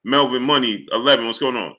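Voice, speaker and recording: A man hosting a sports livestream, talking fast and exasperated, firing rhetorical questions and greeting chatters in a low mutter. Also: pushed and bright. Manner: exasperated, rhetorical, repeats himself. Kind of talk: live stream commentary, reading chat.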